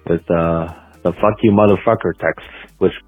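A man's voice: sits low, steady tone, normal speed, no room sound, faint music behind. A man leaving a rambling, hesitant voicemail for a show. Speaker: voicemail caller. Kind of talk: phone voicemail. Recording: tinny phone voicemail.

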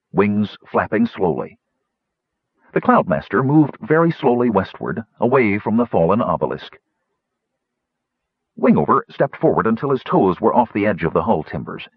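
Male audiobook narrator, lively low voice, dry lo-fi sound. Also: breathy edge, dry recording. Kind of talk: scripted fantasy narration. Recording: dull lo-fi audiobook recording.

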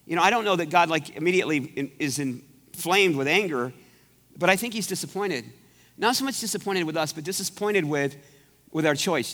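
A man's voice: a little high, a bit bright. A man preaching a conversational sermon as pastor, often restarting his sentences. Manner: conversational, rambling with many restarts. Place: church sanctuary. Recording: echoey church sanctuary.

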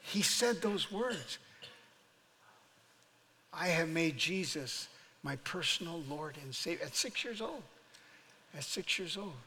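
An older man, a pastor, preaching a sermon as an animated storyteller who acts out voices and laughs often. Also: on the high side, slow pace, long pauses, long reverb tail.

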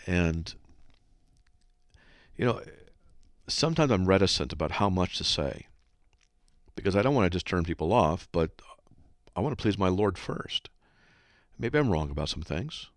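Deep-voiced, earnest Christian radio host. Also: male voice, very animated, moderate pace, long pauses, no echo, clean studio sound. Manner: earnest, exhorting.

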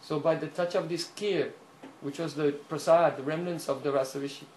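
Animated preacher with roomy echo. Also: male voice, fairly high pitch, a little fast. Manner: animated storyteller, frequent "hmm?" checks, chuckles. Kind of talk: sermon storytelling. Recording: echoey room, faint hiss.

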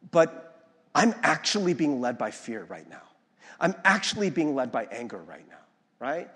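A man preaching a sermon as pastor, lively and conversational, often asking the audience to follow along. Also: a little high, breathy edge. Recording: long reverb of a large hall.

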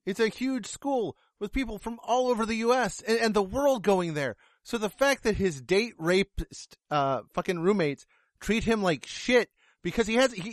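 A man with a high voice reviews a film in casual conversation. He talks bluntly and sarcastically, with plenty of swearing. The sound is dry and close. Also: no echo. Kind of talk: casual movie review chat.

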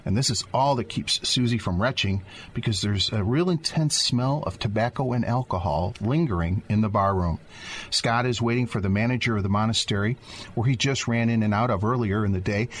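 A man's voice: fairly low pitch, a little fast, a little hiss or hum. A man narrating a radio drama, describing the scene and speaking directly to the listener. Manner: descriptive storyteller, addresses the listener.

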